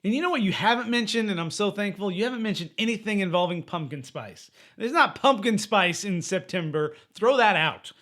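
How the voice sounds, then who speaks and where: A man's voice: high voice, expressive, fairly bright tone. Playful young man co-hosting a podcast. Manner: playful, jokey, quick to riff. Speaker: podcast co-host. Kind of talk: casual chat.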